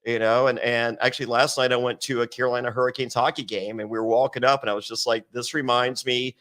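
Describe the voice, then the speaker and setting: Animated, foul-mouthed storytelling man. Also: medium pitch, fast talker. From Virginia, US. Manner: animated, acts out quotes in raised voice, heavy swearing. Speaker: interview guest. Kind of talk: casual storytelling with profanity.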